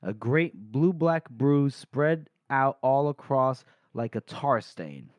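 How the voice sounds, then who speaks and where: Here a podcast host with a mid-range, expressive voice meanders through his recap of a chapter on a casual book show. He curses freely, laughs a lot and speeds through fast tangents, all captured dry with no room sound.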